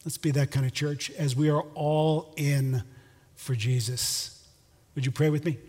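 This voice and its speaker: A man's voice: on the high side, steady tone, unhurried, darkish tone, big-room sound. A male pastor preaching a sermon, telling a story and then leading an earnest prayer.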